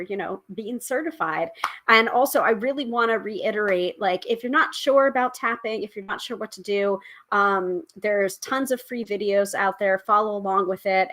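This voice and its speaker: A woman's voice: mid-range voice, pushed and bright. A woman hosting a live stream as a tarot reader and tapping practitioner, chatting casually with many fillers and reading viewer comments aloud.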